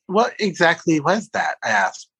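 A man playing a tabletop game, speaking softly and hesitantly in character. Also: fairly high pitch, sing-song, breathy edge. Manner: soft-spoken, hesitant, slow. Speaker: player. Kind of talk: tabletop role-play.

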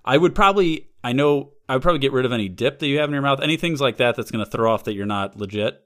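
A man's voice: mid-range voice, expressive, racing, a bit bright. A man co-hosting a podcast in casual comedic chat, riffing on ideas and laughing often. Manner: playful, laughs often, riffs on bits. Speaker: podcast co-host.

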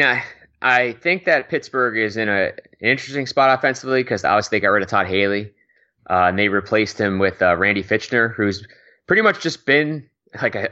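A man's voice: on the low side, bright, forceful tone, dull audio. A man co-hosting a sports betting podcast, chatting casually with many fillers. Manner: quick, conversational, many fillers and laughs. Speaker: podcast co-host.

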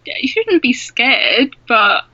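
A woman's voice: on the high side, very animated, slow pace, pushed and bright, no echo, lo-fi sound. A young woman with an English accent, a guest telling stories in casual chat, laughing as she talks. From England. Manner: chatty, laughs through stories.

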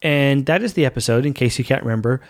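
A man's voice: mid-range voice, fast talker. A young man hosting a casual solo podcast, talking in a chatty, rambling way. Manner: chatty and rambling, with goofy put-on voices. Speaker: podcast host.

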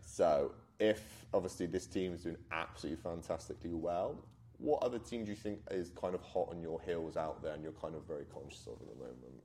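A man hosts a podcast in a very low, deep voice, relaxed and rambling with plenty of ums. A faint hiss sits under the recording. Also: a little fast. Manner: relaxed, filler-heavy, trails off quietly. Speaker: podcast host. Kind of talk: casual interview chat.

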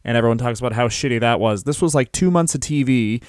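A man's voice: mid-range voice, quick pace, a little mellow, no room sound, clean studio sound. A man co-hosting a comedy podcast, riffing loosely and swearing often in casual chat. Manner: riffing, profane, jumps into mock voices. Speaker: podcast co-host.

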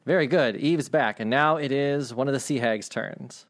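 A man's voice: medium pitch, moderate pace. A man acting as game master, explaining rules casually and swearing now and then. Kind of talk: running a tabletop game.

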